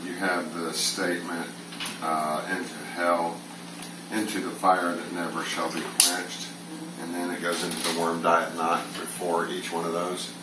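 Low, flat-voiced man asking a question. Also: a little slow. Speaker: study group member. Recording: distant and roomy, with clear noise.

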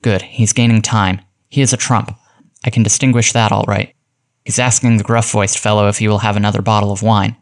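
A man reading aloud and voicing a confident male criminologist who gives crisp, commanding orders. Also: fairly low pitch, flat delivery, brisk, lightly acted. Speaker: detective giving orders.

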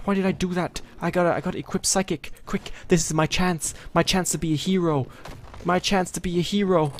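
A man doing let's play commentary, excitable and self-mocking, yelling and swearing at enemies. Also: sits high, fairly quick, slight background noise. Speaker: gaming video host.

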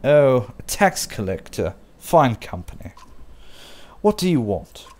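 A man's voice: mid-range voice, very animated, slow, a little mellow. A man voicing a cold, aloof young prince in a game story, speaking curtly and dismissively.

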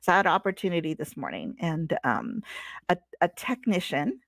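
A middle-aged woman, a guest educator, telling stories in a lively conversational way and acting out the dialogue. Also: lowish voice, moderate pace, gravelly, no room sound, studio quality. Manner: animated, acts out quoted dialogue. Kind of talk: conversational storytelling.

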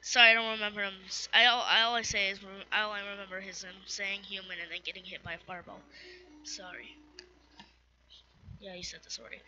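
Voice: mid-range voice, flat delivery, a little fast. A streamer talking casually over a video game, rambling, laughing and cutting themselves off mid-sentence while reading the game's lines aloud, on a dull lo-fi recording with faint hiss. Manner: rambling, giggly, self-interrupting. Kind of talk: gameplay commentary with in-game dialogue read aloud.

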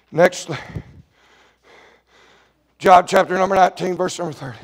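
Fiery high-voiced preacher. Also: male voice, moderate pace, long pauses. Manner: fiery, chanting preaching with shouted high climaxes. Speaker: evangelist preacher. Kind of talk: sermon. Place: church.

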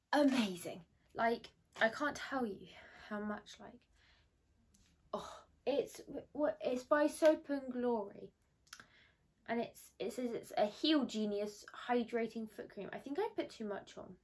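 A young woman talks casually to her phone camera on a ring light from her bedroom at home, rambling in a bubbly vlog style. Her fairly high voice is darkish and a little slow, and there's a bit of hiss or hum.

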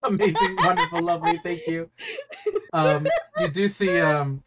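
Low-voiced woman game master, rambling. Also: normal speed, heavy background noise. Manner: rambling, stop-start, swears casually. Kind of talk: casual tabletop game narration.

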